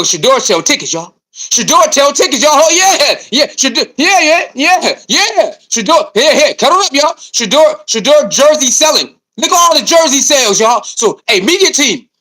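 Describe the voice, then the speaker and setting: Mocking and animated, this sports commentator rants heatedly, often slipping into asides where he imitates coaches and other people. His voice is very high-pitched, and the audio quality is poor.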